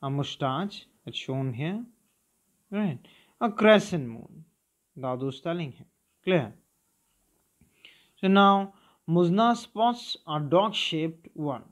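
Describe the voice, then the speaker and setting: Teacher doing a kids lesson, kinda high voice, keeps saying clear? okay?. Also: male voice, animated, slow pace, long pauses. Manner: repetitive, checking understanding with "clear?" and "okay?". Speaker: English teacher. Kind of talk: recorded primary school lesson.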